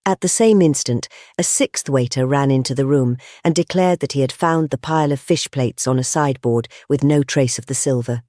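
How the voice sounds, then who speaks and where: An audiobook narrator reading a classic detective story in a measured, even way. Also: medium pitch, no room sound, clean studio sound. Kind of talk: scripted narration of a classic novel.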